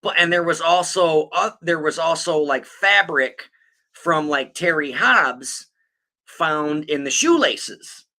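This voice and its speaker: A man's voice: a little high, animated, takes it slowly, pushed and bright. A man on a podcast, telling a story in a rambling, swear-heavy, casual way. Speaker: podcast co-host.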